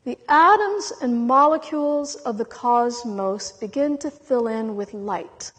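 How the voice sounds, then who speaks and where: Woman, high voice, giving an impassioned spiritual talk; emotional and dramatic with long pauses; lecture-hall reverb. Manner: intense, dramatic, with long pauses between words. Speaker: spiritual speaker.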